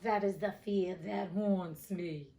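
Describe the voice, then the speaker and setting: A woman's voice: mid-range voice, steady tone, takes it slowly, mellow, distant mic. A woman reading the part of a theatrical male pirate captain who speaks in dramatic, old-fashioned pirate talk. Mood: brooding. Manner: dramatic, archaic pirate speech.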